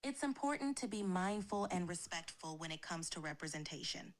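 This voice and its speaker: A woman's voice: on the low side, animated, a little fast. Polite synthetic female assistant voice. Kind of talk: chatbot replies, polite and scripted.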